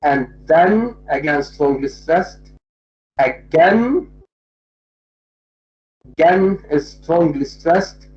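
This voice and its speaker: A literature lecturer explaining a poem, speaking deliberately and repeating key points to make them plain. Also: medium pitch, expressive. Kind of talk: poetry lecture. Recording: dull lo-fi recording.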